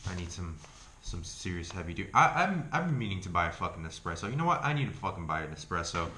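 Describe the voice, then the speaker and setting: Deep-voiced man with an Argentine accent. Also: fairly bright tone, roomy sound, slight background noise. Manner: rambling, swears freely, self-correcting. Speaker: health food vlogger. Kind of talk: casual chat review.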